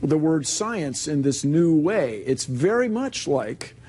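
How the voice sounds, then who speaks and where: A man being interviewed, explaining his views in a measured, conversational way. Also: a little high, very animated, a little mellow, breathy edge. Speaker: interview guest.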